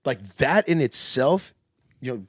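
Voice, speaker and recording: Laughing often and swearing freely, a young man in his twenties trades loose banter as a podcast co-host. His medium-pitched voice is animated but a little slow, recorded close and dry with no echo.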